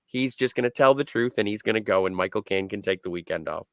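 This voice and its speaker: A man's voice: fairly low pitch, fast talker, fairly bright tone, no echo. A man on a movie podcast giving wry, questioning commentary in casual chat. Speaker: podcast co-host.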